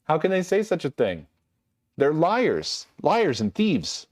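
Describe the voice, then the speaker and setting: A man with a fairly high voice and wildly swooping pitch talks slowly while livestreaming and chatting casually with his viewers. He rants in mock exasperation as he sorts things.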